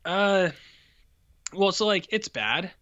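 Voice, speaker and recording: Guy rambling and joking on a podcast, kinda high bright voice, dull lo-fi sound. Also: animated, slow pace. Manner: laid-back, rambling, joking. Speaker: podcast co-host. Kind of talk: casual chat. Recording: dull lo-fi audio.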